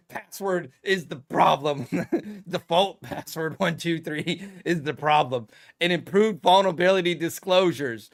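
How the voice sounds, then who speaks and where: Guy doing a tech news podcast, kinda high voice, sarcastic, keeps cracking up. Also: a little slow, gravelly. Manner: animated, laughing often, sarcastic. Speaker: podcast host. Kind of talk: casual tech news commentary.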